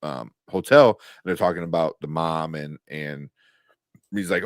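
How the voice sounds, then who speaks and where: A man co-hosting a casual show review chat, animated and laughing often, with lots of fillers. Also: low-pitched, moderate pace, dry recording, studio quality. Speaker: podcast co-host.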